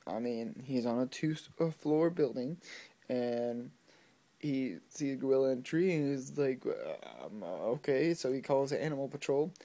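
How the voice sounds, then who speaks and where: A man's voice: mid-range voice, steady tone, normal speed, mellow. A man vlogging to camera, telling a joke in a rambling way and correcting himself as he goes. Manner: rambling, self-correcting, chuckles at his own jokes.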